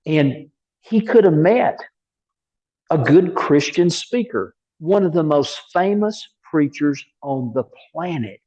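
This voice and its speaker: Man preaching with animated storytelling. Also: fairly high pitch, slow pace, dull audio. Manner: animated storytelling with repeated words. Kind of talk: sermon.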